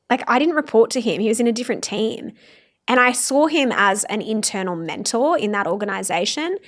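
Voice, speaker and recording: A woman hosts a podcast about work with a fairly high voice. She chats candidly and easily, and laughs at herself between her points. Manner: candid, chatty, laughs often. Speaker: podcast host. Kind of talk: casual advice chat.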